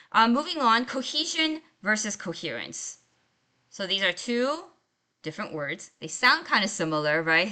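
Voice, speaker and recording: Bright, smooth-voiced woman teaching writing. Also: mid-range voice. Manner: conversational, checks in with "right?" and "okay?". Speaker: writing instructor. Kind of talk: recorded lecture.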